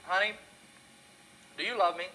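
A man voicing a gentle father who patiently questions his daughter during a story in a sermon. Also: sits high, normal speed, slight background noise, pitched above the performer's own voice.

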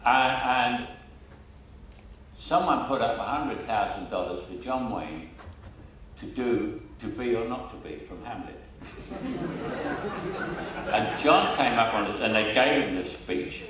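With lively intonation and long pauses, an older Cockney man speaks a little slowly in a medium-pitched voice as an interview guest. He's chatty, laughs often and repeats words whenever he restarts his stories. The casual anecdotal interview has an echoey room, distant mic, a faint crowd and slight background noise.

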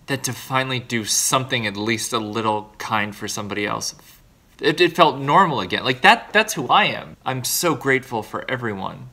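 Earnest, bright-voiced man rambling in a video diary. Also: fairly low pitch, gravelly. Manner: earnest, rambling, self-deprecating. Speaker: vlogger.

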